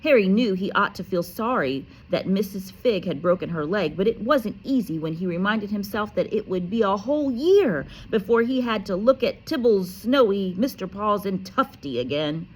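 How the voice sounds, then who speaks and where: A woman teacher reading a children's book aloud with lively expression and casual, chatty asides. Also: medium pitch, normal speed, few pauses, breathy edge. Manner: animated, casual, self-correcting.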